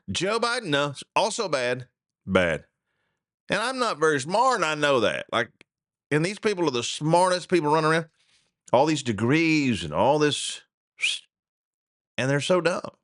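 A man's voice: fairly high pitch, unhurried, pauses often, no room sound, clean studio sound. A middle-aged man hosting a radio talk show, ranting in a casual, chuckling way. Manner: animated, ranting, chuckling asides.

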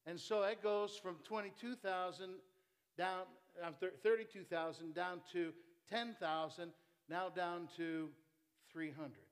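A man pastor preaching a sermon, animated and playful, swinging between loud bursts and hushed asides. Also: high voice, unhurried. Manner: playful, jokes with the congregation.

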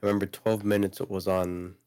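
A man's voice: sits low, level tone, a little fast, darkish tone, clean tone, no echo. A man co-hosting a casual podcast chat about video games, rambling with lots of fillers and restarts. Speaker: podcast co-host.

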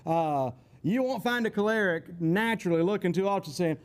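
A man's voice: sits high, normal speed. A man giving a casual, folksy teaching talk, rambling with chuckling asides. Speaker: teacher on temperaments.

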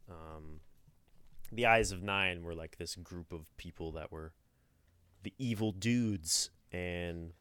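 Low smooth voiced dude rambling on a podcast, dry close mic. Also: male voice, takes it slowly, fairly bright tone, no room sound. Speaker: podcast co-host. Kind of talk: casual chat.

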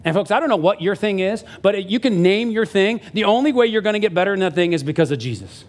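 A middle-aged man preaching a sermon as pastor, telling stories in a lively conversational way with frequent restarts. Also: high voice, quick pace.

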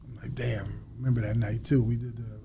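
A man as an interview guest, telling a story in a lively way and acting out other people's lines. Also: medium pitch, fairly quick, gravelly, slight background noise. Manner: animated storyteller acting out quotes.

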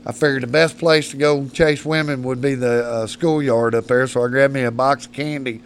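A man's voice: medium pitch, steady tone, normal speed, a little hiss or hum. A man, a podcast guest, telling long, profane stories in a rambling, casual way. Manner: rambling, profane, laughs through his tales. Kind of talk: casual storytelling.

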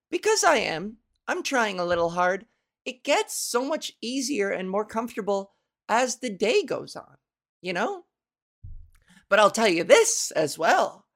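Woman podcast host, casual solo chat, slow gravelly delivery, rambling and self-mocking. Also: on the high side, sing-song. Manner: rambling, self-mocking, laughs at own jokes. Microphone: studio microphone.

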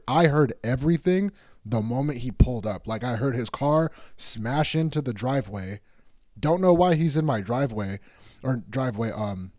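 A man's voice: medium pitch, a little mellow, no echo, studio quality. A man telling a rambling, heated story in casual speech, swearing often.

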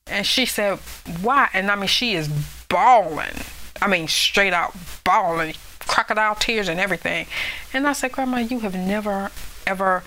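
Bright, lower-voiced woman in her fifties telling a family story, laughing often; faint hiss behind. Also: normal speed, low-quality recording. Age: 50s. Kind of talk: casual chat.

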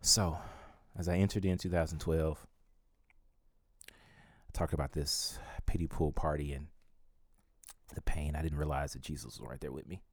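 A man hosting a devotional podcast, reading scripture and reflecting on it earnestly and emotionally, his voice climbing when moved, with some halting restarts. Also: rumbling low, steady tone, no room sound, studio quality.

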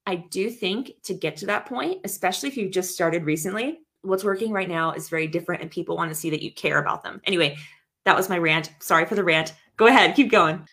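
A woman's voice: lowish voice, fast talker, fairly bright tone. A woman co-hosting a podcast in casual chat, earnest and chatty, often acting out quotes from other people. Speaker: podcast co-host.

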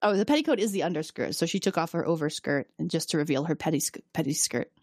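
A woman's voice: sits low, expressive, fast talker, darkish tone, no room sound, studio quality. A woman co-hosting a podcast, recapping an episode in casual chat, laughing often and swearing freely.

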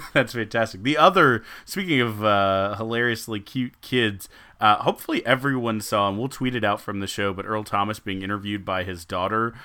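Bright-voiced, lower-pitched man chatting sports. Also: normal speed. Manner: rambling, joking, laughs often. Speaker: podcast co-host. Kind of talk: casual sports chat.

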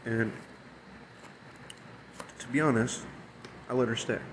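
A man in a casual, profanity-laced rant about a bad night at work. His voice sits at an ordinary middle pitch, and he slips into mocking voices when quoting people. A faint air conditioner hums in the room behind him. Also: steady tone, takes it slowly, a little hiss or hum, poor audio. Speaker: restaurant shift manager.

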